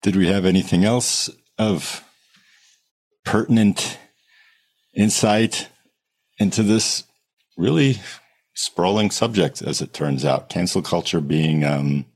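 A man hosting a casual group podcast discussion, wrapping up the talk in an unhurried way. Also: deep voice, a little mellow. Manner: unhurried, wraps up the show. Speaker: podcast host.

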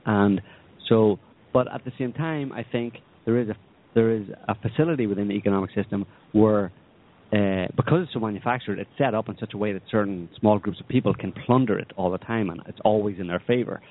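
Low-voiced man, sardonic political chat, rambling, thin phone-line sound. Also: a little fast. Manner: rambling, sardonic, many restarts. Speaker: podcast co-host.

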